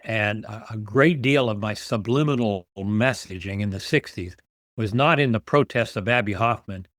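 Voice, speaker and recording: A man's voice: on the low side, normal speed, a bit bright, no room sound, studio quality. A man in his sixties, a podcast guest, telling his story earnestly and repeating words as he builds each point. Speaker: guest, author and nonprofit founder.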